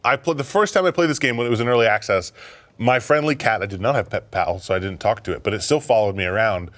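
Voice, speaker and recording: A man's voice: fairly low pitch, fast. Laughing, swearing young man chatting. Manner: swearing, laughing, animated storytelling. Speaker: podcast co-host. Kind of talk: casual chat.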